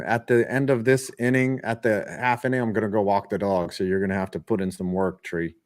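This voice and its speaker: A young man hosting a casual stream, calling baseball play by play in an animated way and often restarting his sentences. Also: fairly low pitch, fairly quick, hardly any pauses. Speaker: host calling a live game.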